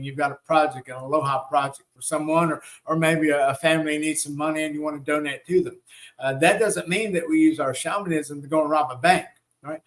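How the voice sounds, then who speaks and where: Folksy Southern man, fairly high voice. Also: a bit bright. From Southern United States. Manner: folksy and rambling, many "uh" and "you know" fillers. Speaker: spiritual teacher and show host. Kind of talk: live-stream teaching and chat.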